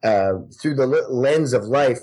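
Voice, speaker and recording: A man in his forties, a guest actor, telling stories in casual podcast chat with a lively, profane manner. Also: mid-range voice, a little slow. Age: 40s. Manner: profane, animated storytelling.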